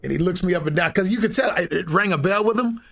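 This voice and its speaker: A man's voice: high voice, quick pace, gravelly, a bit bright. A man from Seattle, a guest on a podcast, telling blunt and profane stories in casual chat. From Seattle, USA. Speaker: guest musician.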